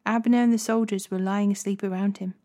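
A woman reads scripture aloud for a daily Bible series. Her narration is clear and steady, with some passages dropping soft and low. The pitch sits in an ordinary middle range. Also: fairly quick. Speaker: Bible reader. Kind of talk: scripture reading.

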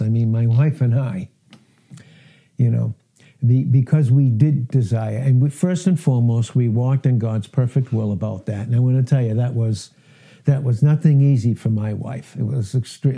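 Earnest middle-aged preacher with a dark, husky voice. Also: male voice. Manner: earnest, emphatic, rises in pitch when quoting scripture. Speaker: pastor. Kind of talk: sermon.

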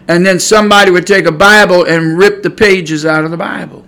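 A middle-aged man preaches to his podcast listeners in a high, bright, piercing voice. He climbs into shouted warnings, then drops back into loose, chatty asides. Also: steady tone, a little fast, hardly any pauses, low-quality recording. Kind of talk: preaching sermon. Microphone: podcast mic.

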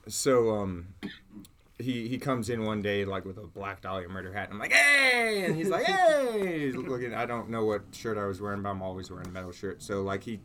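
A young man with a fairly low voice talks casually about his band, relaxed and chatty, leaning on easy filler phrases. A faint hiss of room noise sits underneath. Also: a little fast. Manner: laid-back, chatty, says "for sure" a lot. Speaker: lead vocalist of a metal band. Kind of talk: casual interview chat.

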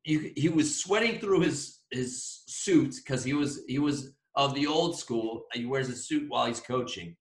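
A man co-hosting a podcast, rambling excitably about sports in casual chat, with some swearing. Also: mid-range voice, a little slow, hardly any pauses, recorded from a distance. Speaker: podcast co-host. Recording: echoey room.

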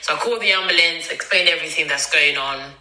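A podcast host in her 20s tells a personal story in a chatty way, acting out dialogue and using many fillers. Her voice sits low but is bright, and she talks fast with a forceful tone. The recording has a roomy echo.

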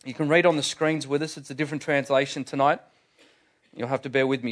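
A man's voice: medium pitch, steady tone, quick pace, a bit bright. A man preaching a sermon in a church, earnest and emphatic, with frequent fillers.

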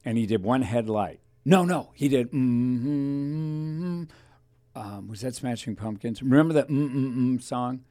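Male radio host, mid-pitched, rambling anecdotal storyteller. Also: measured pace, warm tone. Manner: rambling anecdotal, acts out quoted voices. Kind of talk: casual storytelling chat.

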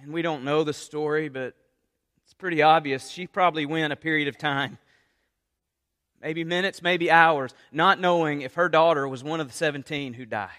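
A man preaching a sermon with passion, going from quiet talk to loud appeals. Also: a little high, steady tone, normal speed, long reverb tail. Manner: impassioned, rises from quiet to loud. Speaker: pastor.

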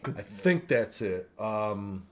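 A man's voice: lowish voice, sing-song, takes it slowly, dull audio. A man co-hosting a casual podcast, rambling and swearing with lots of laughter. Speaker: podcast co-host. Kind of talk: casual banter.

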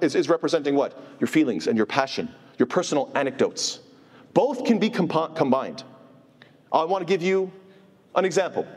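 Animated male teacher in an echoing hall. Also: high voice, husky. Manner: animated, asks the audience rhetorical questions. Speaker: Islamic teacher. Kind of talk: informal religious lecture. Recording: long hall reverb.

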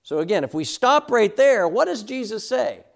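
A man's voice: sits high, big pitch swings, moderate pace, vocal fry. A middle-aged man teaching a Sunday school class, emphatic and often checking in with "all right?".

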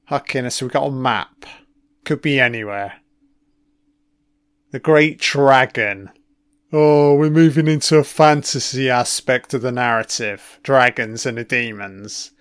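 Bloke doing film commentary, swears a lot, sarcastic, slow and smooth. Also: male voice, mid-range voice, fairly bright tone, dry recording. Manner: profane, sarcastic running reactions. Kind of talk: casual first-watch film commentary.

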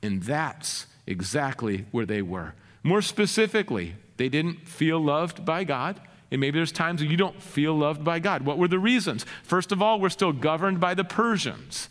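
A man's voice: fairly high pitch, a bit bright. Earnest preacher man in a reverberant hall. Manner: earnest, asks the congregation rhetorical questions. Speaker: pastor. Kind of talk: sermon.

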